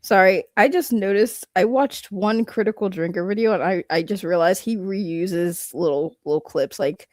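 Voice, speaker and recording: A woman's voice: mid-range voice, normal speed, hardly any pauses, darkish tone, no echo, clean studio sound. A woman co-hosting a casual reaction show, chatting in an easygoing, hedging way. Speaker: co-host. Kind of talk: casual chat.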